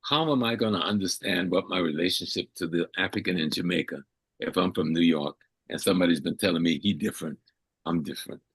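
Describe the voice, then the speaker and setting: A man's voice: deep voice, brisk, fairly bright tone, breathy edge, dry recording. An older man from South Carolina, an elder guest answering at length in an interview, emphatic and repeating phrases for weight. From South Carolina, USA.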